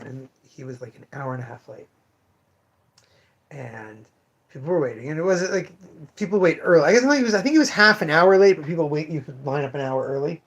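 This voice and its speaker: A comic shop owner hosting a casual livestream, telling rambling shop stories full of restarts and asides. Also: medium pitch. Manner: rambling anecdotal storytelling, many restarts.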